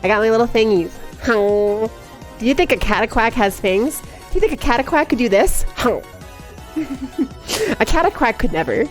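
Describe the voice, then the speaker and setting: A woman streams live in a slightly high, playful voice, giggling and teasing as she chats casually. She slips into cooing baby talk now and then. Faint music plays softly behind her. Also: lively intonation, normal speed. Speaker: livestreamer.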